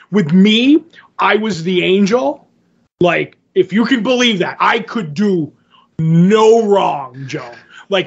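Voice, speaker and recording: High, husky man telling stories. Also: dull audio. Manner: animated, laughing while telling anecdotes. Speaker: podcast co-host. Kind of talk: casual storytelling chat.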